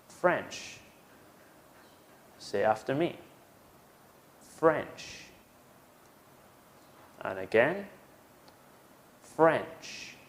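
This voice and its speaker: A British man teaching English vocabulary, patiently modelling words for learners to repeat. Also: mid-range voice. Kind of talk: slow, clear classroom instruction.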